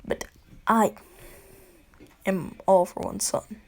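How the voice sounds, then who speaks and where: Woman reading a cold half-robot boy, slow, gravelly, breathy whisper at times. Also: medium pitch, steady tone. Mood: flat, cocky.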